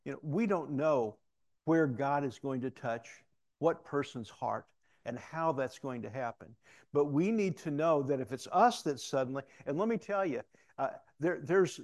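A man's voice: a little high, animated, moderate pace, a little mellow. A middle-aged man, preaching a sermon in a conversational, folksy way and acting out the dialogue in his stories. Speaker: former sheriff giving a church talk. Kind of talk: sermon with storytelling.

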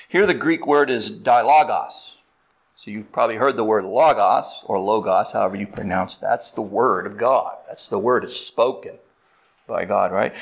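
A man preaching a sermon, earnest and deliberate, slowing down to stress key phrases and explaining terms step by step. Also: mid-range voice, a bit bright. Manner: earnest, deliberate preaching with slow emphatic stretches; explains words step by step, asks listeners "right?". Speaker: pastor.

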